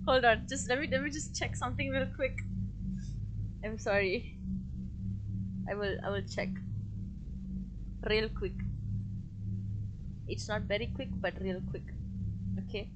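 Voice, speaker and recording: A woman's voice: fairly high pitch, steady tone, measured pace, long pauses, background noise. A young woman, chatting through her own gameplay as a streamer and talking to her viewers. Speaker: game streamer. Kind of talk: live gameplay commentary.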